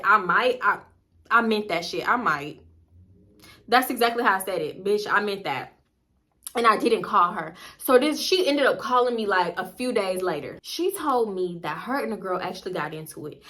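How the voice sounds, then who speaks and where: A young woman vlogger telling a story in blunt, profane, animated casual chat. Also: mid-range voice.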